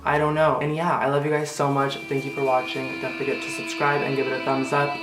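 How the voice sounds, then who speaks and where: A young man vlogger telling a casual storytime, chatty and animated, with lots of "like.". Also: medium pitch, brisk, roomy sound, far from the mic, loud music behind the voice. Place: room in an apartment.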